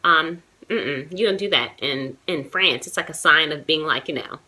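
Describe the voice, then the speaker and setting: Chatty American woman vlogger, young, bright tone, slightly low pitch, nursing a cold. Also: normal speed. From United States. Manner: chatty, lots of likes and you knows, animated. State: has a cold, chesty. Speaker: travel vlogger. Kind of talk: casual talking-to-camera vlog.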